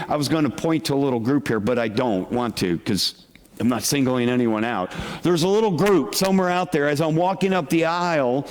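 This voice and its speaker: Male pastor preaching slow and chatty, kinda high voice, big echoey church. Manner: conversational, asks the congregation questions. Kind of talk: sermon. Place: church sanctuary with congregation. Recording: long reverb of a large hall.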